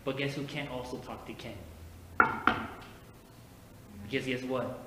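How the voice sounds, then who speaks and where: A man preaching a sermon as pastor, moving from quiet personal storytelling to emphatic preaching. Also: mid-range voice, steady tone, unhurried. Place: church sanctuary. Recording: echoey church hall with faint noise.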